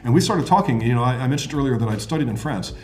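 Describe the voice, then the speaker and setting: An American man co-hosting a podcast, telling stories in casual chat, playful and quick to laugh. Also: mid-range voice, expressive, a little mellow, roomy sound. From United States. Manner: storytelling, playful, laughs easily. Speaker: podcast co-host.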